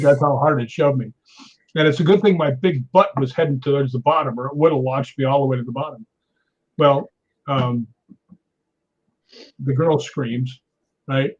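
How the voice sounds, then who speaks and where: A man's voice: medium pitch, normal speed, long pauses, slightly rough. A man casually telling a ghost-hunting anecdote, acting out the lines of others and laughing often. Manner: animated, acts out quotes, laughs often. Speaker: guest storyteller. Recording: dull lo-fi sound.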